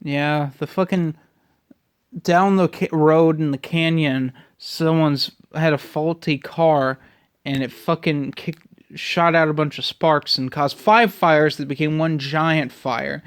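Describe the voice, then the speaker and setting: A man's voice: on the high side, fairly even intonation, slow pace, clear, resonant tone. A man in his twenties ranting casually in a vlog, irritable and full of profanity. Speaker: vlogger.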